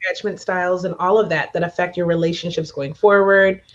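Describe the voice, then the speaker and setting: A woman with a somewhat low voice co-hosts an interview podcast and answers thoughtfully and supportively. Her audio sounds dull and muffled, as if from a lo-fi mic. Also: fairly even intonation, fairly quick. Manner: reflective and supportive, with fillers. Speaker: podcast co-host. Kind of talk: conversational interview.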